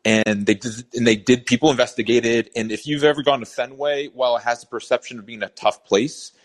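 A man's voice: medium pitch, steady tone, fairly quick. A man from Boston calling in, steadily laying out his argument. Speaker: caller. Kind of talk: call-in opinion.

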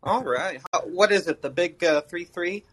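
A man's voice: high voice, normal speed, fairly bright tone, breathy edge, low-quality recording. Rambling thirty-something man calling in. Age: 30s. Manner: rambling, hesitant, many fillers. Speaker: caller. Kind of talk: casual chat.

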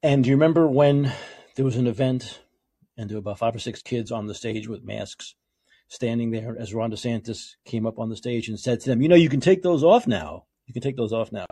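A man hosting a political talk show, delivering a sarcastic, opinionated monologue that swings between yelling and quiet muttering. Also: medium pitch, fairly even intonation, brisk, husky.

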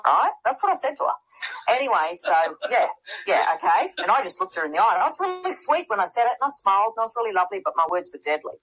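A woman's voice: medium pitch, sing-song, fast talker, fairly bright tone, husky, poor audio. A woman guest telling a dramatic story in casual conversation, acting out quoted dialogue.

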